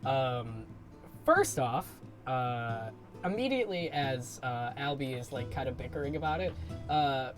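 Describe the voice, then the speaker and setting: A woman narrating a tabletop game as game master, laughing often and breaking into loud character voices. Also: rumbling low, expressive, a little slow, over music.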